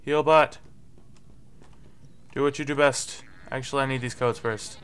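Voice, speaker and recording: A young man doing live gameplay commentary, swearing and getting frustrated, with sudden yelling bursts. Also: medium pitch, steady tone, a little slow, pauses often. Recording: faint music behind.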